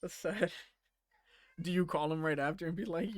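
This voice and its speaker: A man live-streaming a game, talking in a loose, profane way with a slightly high voice. He laughs often and drops into quiet mutters while he plays. The sound is dry and close. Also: moderate pace, no echo. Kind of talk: casual live-stream chat while playing.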